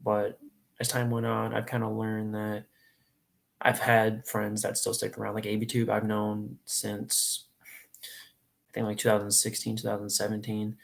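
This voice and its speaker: With a gravelly voice on the low side, a late-teens young man talks to his livestream viewers. The chat is casual, and he comes across as earnest, rambling and openly emotional.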